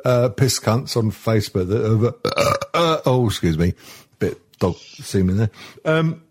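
A man hosting a crude comedy podcast who rambles slowly through his questions with plenty of ums and swearing. His voice is a bit husky and swings widely in pitch. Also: lively intonation. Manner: rambling, hesitant, swears a lot. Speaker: podcast host.

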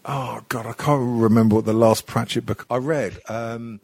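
Husky sweary podcast host. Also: male voice, mid-range voice, fairly even intonation, moderate pace, darkish tone, no room sound. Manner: sweary, rambling, self-mocking. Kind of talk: casual podcast chat.

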